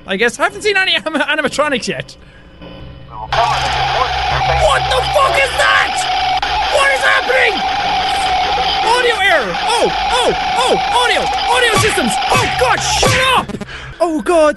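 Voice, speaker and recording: A man giving let's play commentary as a gaming YouTuber, chatty and rambling, excitable and swearing loudly when scared. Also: extremely high pitch.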